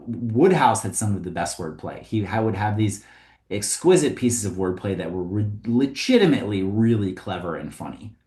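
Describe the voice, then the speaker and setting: A man teaching comedy writing in a casual, conversational way, often pausing with "um" and "like". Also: low voice, a little mellow. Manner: conversational, with frequent ums and likes. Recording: roomy echo.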